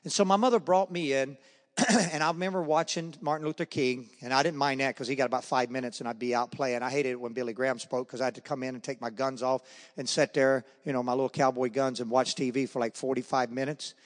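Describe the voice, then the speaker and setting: A man's voice: medium pitch, fairly even intonation, fast. Man telling his life story in a hall. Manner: storytelling, acts out voices. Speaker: guest speaker. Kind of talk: personal testimony talk. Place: men's breakfast hall. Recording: echoey hall.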